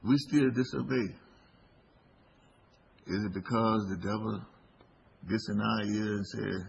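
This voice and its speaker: Male preacher, low gravelly voice, unhurried delivery, dull lo-fi recording with faint noise. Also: fairly even intonation. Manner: slow, deliberate preaching with emphatic rises. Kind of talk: sermon.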